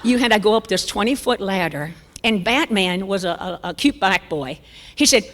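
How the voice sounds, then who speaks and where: A woman's voice: medium pitch, normal speed. Older lady telling funny stories at church, jumps to whispers, big room reverb. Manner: animated, acts out dialogue with voice jumps and whispers. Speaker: conference speaker. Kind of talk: humorous storytelling talk. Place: church sanctuary. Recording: long church hall reverb.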